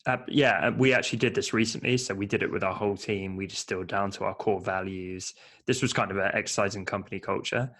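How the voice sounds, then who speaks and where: A man with a fairly low voice co-hosts a relaxed business podcast. He talks in a chatty, playful way and keeps his advice practical and easygoing. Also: quick pace. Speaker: podcast co-host. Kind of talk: casual business podcast chat.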